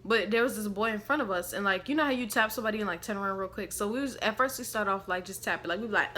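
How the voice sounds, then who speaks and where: A woman's voice: mid-range voice, very fast, hardly any pauses, a bit bright. A woman casually telling a rambling, slangy story to her viewers, laughing along as she goes. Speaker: storytime vlogger.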